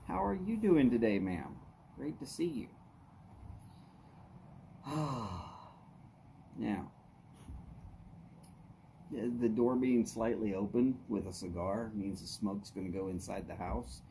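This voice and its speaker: A man's voice: on the low side, slow pace, pauses often, warm tone, slight background noise. A man, casually chatting with viewers on his live stream, greeting them by name in an easy drawl. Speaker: livestream host. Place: outdoors at his house.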